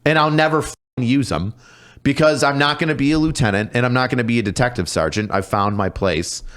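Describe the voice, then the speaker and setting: A man, a police officer guest on a podcast, telling stories casually with lots of swearing and quick impressions of other people. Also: mid-range voice. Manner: profane, animated, mimics people in his stories. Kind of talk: casual storytelling.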